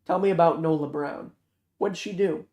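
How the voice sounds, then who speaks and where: A man's voice: fairly high pitch, normal speed, a little mellow, natural voice. Man doing a 70-year-old Philadelphia guard, ex-patrol cop, blunt and teasing, storybook reading, echoey. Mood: gruff teasing. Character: gruff seventy-year-old male ex-cop security guard. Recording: roomy echo.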